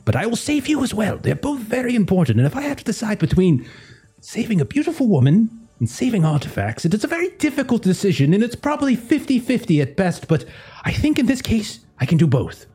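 A man's voice: sits high, big pitch swings, quick pace, dark tone, breathy edge, soft background music, pitched above the performer's own voice, heavily acted. A man voicing a pompous, cowardly male artifact collector who boasts gallantly and insists on being the rescuer.

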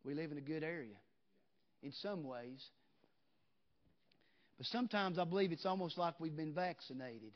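A man preaches at a revival in a high voice, folksy and plainspoken. He rises to hollering peaks and then drops to a hushed storytelling tone. The recording sounds dull and muffled. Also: lively intonation, normal speed, pauses often. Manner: folksy, drops into "ain't" and "you know what". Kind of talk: revival sermon.

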